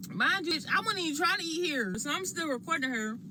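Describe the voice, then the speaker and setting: A woman telling what happened to her in a slangy, expressive way, talking while she eats. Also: very high-pitched, a little fast, background noise. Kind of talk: animated storytelling to a phone camera.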